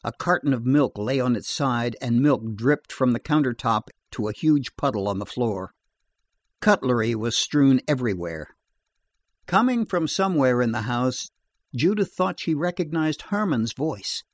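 A man reads a horror story in a steady, measured way. His pace is slow and unhurried. The sound is dry and close. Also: medium pitch, dry recording. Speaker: narrator. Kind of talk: horror audiobook narration.

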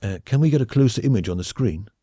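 A man's voice: mid-range voice, animated, fast talker, mellow, no echo, studio quality, close to an everyday voice. A man voicing a pompous, blustering male space captain in an audiobook, with a bluff, clipped, commanding manner.

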